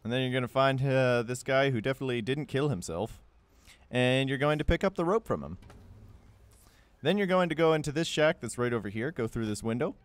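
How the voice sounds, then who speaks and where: A man's voice: medium pitch, animated, brisk, clear, resonant tone, no room sound. Sarcastic young man guiding a game run. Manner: sarcastic, joking, rambling asides. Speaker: gameplay guide narrator. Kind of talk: casual walkthrough commentary.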